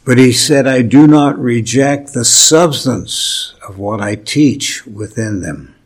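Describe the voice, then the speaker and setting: A male pastor delivering a sermon at an unhurried pace, leaning on key words with deliberate pauses. His voice sits at an ordinary middle pitch, and he slips in gentle humor between points. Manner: slow, deliberate preaching with emphatic pauses and light humor.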